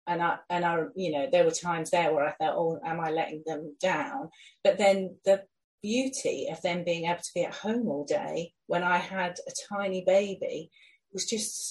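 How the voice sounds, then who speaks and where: A woman's voice: fairly low pitch, poor audio. A woman in her thirties, thinking aloud in a casual conversation. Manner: thoughtful, hesitant, with fillers.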